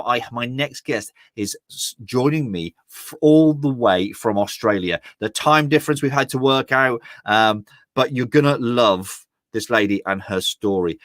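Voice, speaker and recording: A man's voice: medium pitch, a bit bright, no room sound, clean studio sound. A British man hosting a live online interview, enthusiastic and rambling, often restarting his sentences. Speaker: podcast host.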